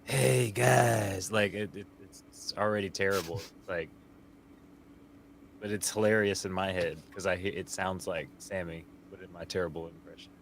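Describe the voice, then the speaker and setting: A man's voice: sits low, little pitch movement, normal speed, fairly bright tone, a little hiss or hum. A man co-hosting a casual podcast, chiming in with dry, offhand quips about wrestling. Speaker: podcast co-host. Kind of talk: casual wrestling recap chat.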